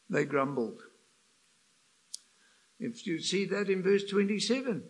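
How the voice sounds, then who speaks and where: An older man preaches a sermon with a gravelly, fairly high voice. He takes his time, dropping to a hush and then rising to loud, passionate emphasis. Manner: swings between hushed and loud passionate emphasis.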